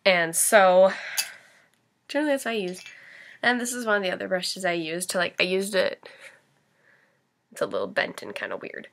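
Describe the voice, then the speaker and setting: A woman's voice: medium pitch, animated, moderate pace, creaky, long pauses. A young woman chatting casually through a makeup tutorial, rambling and giggly with lots of likes and ums, a bit sniffly. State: face-painted, sniffly and sneezing. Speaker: makeup vlogger.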